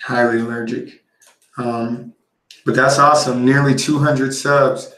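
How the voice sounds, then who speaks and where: Man, stream host, mid pitch, laid-back rambling, echoey room. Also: little pitch movement, measured pace, a bit bright. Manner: laid-back, meandering, lots of ums. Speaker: livestream host reacting to a video. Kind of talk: casual rambling chat.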